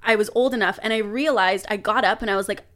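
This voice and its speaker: A young adult woman, a podcast guest, telling a personal story in casual chat, animated, laughing and swearing now and then. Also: medium pitch, quick pace.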